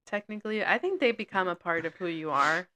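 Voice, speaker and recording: A woman's voice: lowish voice, expressive, fairly quick, a bit bright. A woman co-hosting a podcast in casual chat, supportive and comforting toward her friend. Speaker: podcast co-host.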